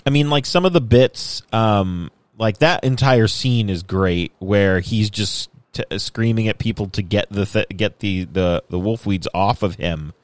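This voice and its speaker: A man with a low voice recounts scenes at an easy pace on a casual podcast and chuckles along the way. His recording sounds dry and close, with no room echo. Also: unhurried, hardly any pauses. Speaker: podcast co-host. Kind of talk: casual fan chat.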